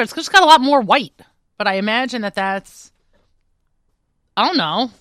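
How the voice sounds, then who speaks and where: A woman co-hosting a casual podcast chat, quick-witted and teasing. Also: fairly high pitch, animated, pushed and bright, dry recording, clean studio sound. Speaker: co-host.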